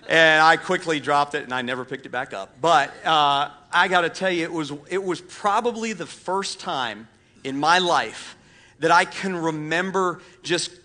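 A man's voice: fairly high pitch, pushed and bright. A man in his thirties, a pastor preaching a sermon, telling a story casually with many fillers and self-deprecating asides. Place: church auditorium.

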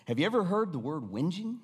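American pastor preaching in a hall. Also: male voice, a little high, husky. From United States. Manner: conversational, with repeated restarts and sudden drops to a hush. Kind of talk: sermon. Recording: long hall reverb.

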